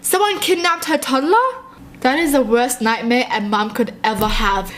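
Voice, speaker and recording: A young woman reading short horror stories aloud and reacting in a jumpy, excitable way, often laughing. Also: a little high, moderate pace, slight background noise.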